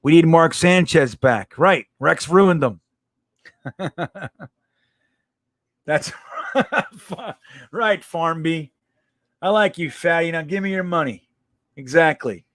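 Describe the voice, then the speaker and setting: A man with a high voice hosts a casual live stream, reading out comments and answering them bluntly, swearing freely. The sound is dry and close, with no room around it. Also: lively intonation, slow, long pauses, fairly bright tone, dry recording. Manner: blunt, profane, reacts to chat.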